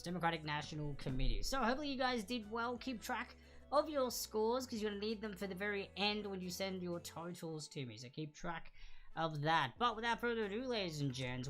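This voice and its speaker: Chatty woman hosting a trivia quiz. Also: fairly low pitch. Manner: chatty, repeats each answer slowly and clearly. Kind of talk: casual live online quiz hosting.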